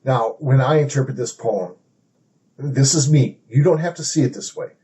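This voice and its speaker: A man teaching how to read poetry, explaining steps slowly and reading verse aloud with feeling. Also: medium pitch, dark tone. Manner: measured, explanatory, reads verse aloud dramatically.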